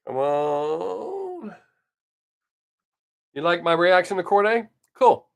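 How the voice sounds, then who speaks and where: A man's voice: high-pitched, huge pitch swings, slow pace, creaky. Blunt, profane older man. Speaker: live streamer. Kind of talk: casual live stream chat.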